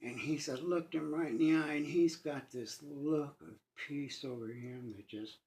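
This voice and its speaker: A man in his fifties sharing an emotional personal testimony, earnest and halting, with pauses and restarts, at times moved to tears. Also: on the high side, a little mellow. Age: 50s.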